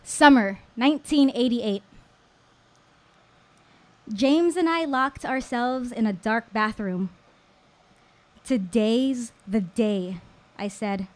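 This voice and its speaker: Speaking live at a small venue, a thirtysomething woman recounts something from her own life. She goes slowly and deliberately, using dramatic pauses, and her voice leans toward the high side.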